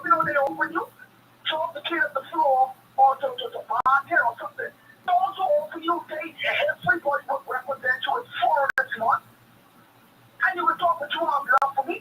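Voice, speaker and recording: A man's voice: very high-pitched, bright, forceful tone, distant mic, a little hiss or hum, rough recording. A Bahamian man calling in to a radio show with a heated, repetitive rant, talking street-style. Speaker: caller. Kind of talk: impassioned call-in rant.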